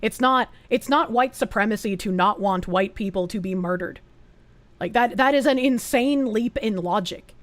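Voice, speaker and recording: A woman streamer reacting to clips in casual, earnest commentary, animated and swearing now and then. Her voice sits at a middling pitch. The sound is dry and close, from a home setup. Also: moderate pace, no room sound.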